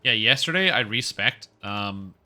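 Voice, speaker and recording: A man's voice: on the low side, lively intonation, unhurried, bright, forceful tone. A young man from Canada streaming a game, chatting casually in a rambling way and answering his chat. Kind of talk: casual chat while gaming.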